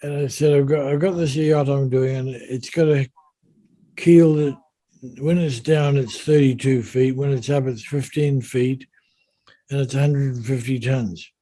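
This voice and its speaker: An older man, a yacht designer, telling an anecdote in an unhurried conversational way. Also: medium pitch, fairly even intonation, mellow, dry recording. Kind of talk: storytelling in conversation.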